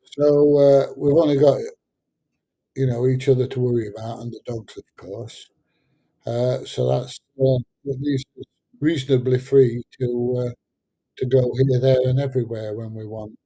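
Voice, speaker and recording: A middle-aged man chats casually on a livestream. His voice is mellow and a little husky, and he rambles along, pausing often on fillers as he answers his viewers. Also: medium pitch, fairly even intonation, low-quality recording. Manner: rambling and hesitant, many fillers. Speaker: livestream host answering chat.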